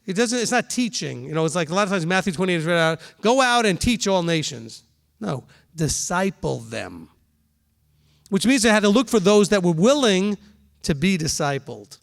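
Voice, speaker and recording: A man with a rather high speaking voice gives a sermon-style Bible teaching. He talks in a loose, conversational way, restarting phrases and slipping into the voices of the people he quotes. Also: big pitch swings, normal speed, gravelly. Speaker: rabbi teaching a congregation.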